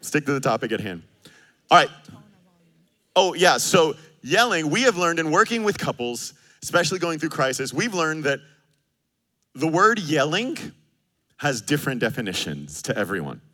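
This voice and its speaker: Bright-voiced male pastor preaching. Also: on the high side, normal speed. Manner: animated, joking, acts out quoted arguments. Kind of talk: sermon.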